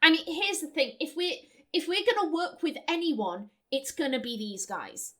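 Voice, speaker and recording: A young woman hosts a game playthrough, musing aloud and reading out the choices she is weighing. Her voice sits high and bright. She talks in a loose, chatty way. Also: animated, normal speed. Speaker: let's play host. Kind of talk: gameplay commentary.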